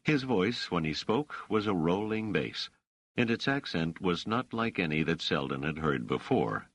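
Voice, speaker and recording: Deep, gravelly male audiobook narrator. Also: animated, measured pace, fairly bright tone. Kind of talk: scripted narration.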